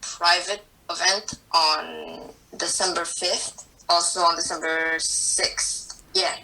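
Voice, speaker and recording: A man's voice: on the high side, slow, gravelly, pushed and bright, rough recording. A young man answering as an interview guest over a video call, giving short, hesitant answers. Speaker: guest ventriloquist.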